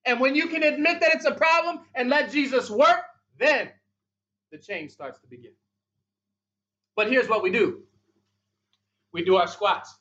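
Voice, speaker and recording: A man with a very high, sharp, bright voice delivers a sermon, hammering points home through repetition and sudden drops in volume. The recording sounds dull and lo-fi. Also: animated, a little slow, pauses often. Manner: emphatic, repetitive preaching with big swings in loudness. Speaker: pastor.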